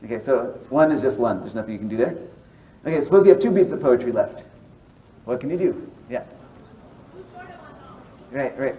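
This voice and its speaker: Male mathematician, patient walk-through delivery, warm dark tone, recorded from a distance. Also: medium pitch, expressive, moderate pace, long pauses. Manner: explains step by step, checks in with "right?". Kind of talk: explanatory lecture and interview.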